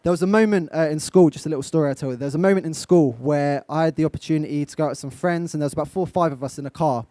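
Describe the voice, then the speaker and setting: A man's voice: on the high side, racing, hardly any pauses, mellow, dry recording. A young man from England giving a live motivational talk, direct and coaching, putting questions to his audience. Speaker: motivational speaker. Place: event stage.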